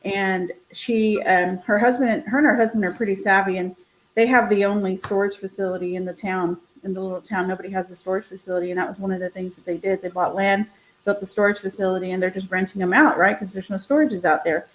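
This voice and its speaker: A woman's voice: medium pitch, quick pace, poor audio. A woman realtor on a video call, telling a story casually and acting out the voices she quotes. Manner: animated, acts out quoted voices. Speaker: realtor and co-host. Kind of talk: casual storytelling on a live stream.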